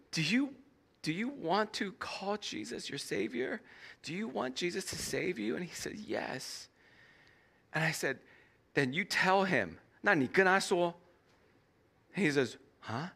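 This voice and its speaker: A male pastor preaching in a church, his delivery lively and swinging widely in pitch. His tone is bright and forceful as he acts out a story and pauses for his interpreter. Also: gravelly, husky. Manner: animated storytelling, acting out dialogue. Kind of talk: sermon with live interpretation.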